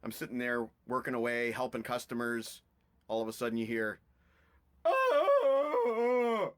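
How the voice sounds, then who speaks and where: A man hosting a rock music vlog, telling anecdotes in a chatty, animated way. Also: mid-range voice, brisk, clean tone. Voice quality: animated, chatty storyteller who does little sound effects. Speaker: host of a rock music video channel. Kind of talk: casual storytelling vlog.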